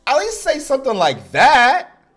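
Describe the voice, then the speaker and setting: A man's voice: very high voice, huge pitch swings, a little slow, a bit bright. Heated, profane young man ranting. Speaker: wrestling show reviewer. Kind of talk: ranting show review.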